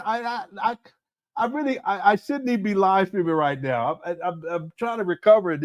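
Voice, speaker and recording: A man's voice: high-pitched, animated, moderate pace, no room sound, clean studio sound. A man hosting a live reaction stream, laughing often, stumbling over his words and talking straight to his chat.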